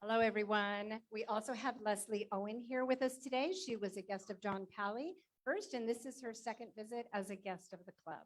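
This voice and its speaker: A woman's voice: mid-range voice, fairly quick, few pauses. A woman introducing a guest at a club meeting in a friendly way.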